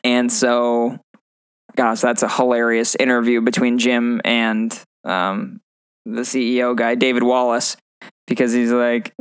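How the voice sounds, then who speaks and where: A man's voice: mid-range voice, little pitch movement, measured pace, clean tone, no echo, studio quality. A man co-hosting a podcast, chatting casually and animatedly, laughing often as he retells favorite TV scenes. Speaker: podcast co-host. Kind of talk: casual chat.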